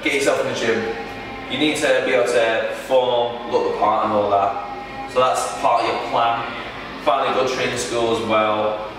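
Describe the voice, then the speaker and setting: A man's voice: mid-range voice, fairly even intonation, music in the background. Echoey, distant male wrestler. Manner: halting, many restarts and fillers. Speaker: wrestler being interviewed. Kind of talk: casual interview answers. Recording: echoey room from far off.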